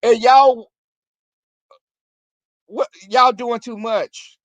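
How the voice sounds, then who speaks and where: A man telling crude stories in a casual rant to his viewers, profane and animated, acting out quarrels in a shrill voice. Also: very slow, dry recording.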